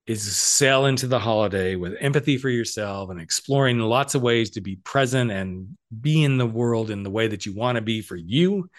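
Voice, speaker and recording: Upbeat, cheeky middle-aged man. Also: on the low side. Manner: playful, upbeat, cheeky asides. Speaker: podcast host and coach. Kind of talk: casual motivational monologue.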